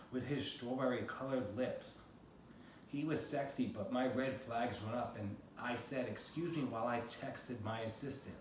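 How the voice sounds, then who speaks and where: Man, memoir reading, mid pitch, distant mic, very echoey room. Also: slight background noise. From United States. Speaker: memoir author reading aloud.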